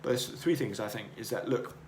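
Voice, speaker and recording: A man with a lowish voice talks earnestly and circles back over his own words in a rambling motivational monologue. The room around him is echoey, and a faint hiss sits under the voice. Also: fairly quick, a little mellow. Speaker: podcast host. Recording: roomy echo, faint noise.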